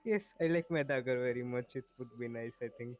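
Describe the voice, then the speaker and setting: A man's voice: medium pitch, a little fast, a little mellow, a little hiss or hum. A man playing a tabletop game, answering bluntly and matter-of-factly. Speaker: player.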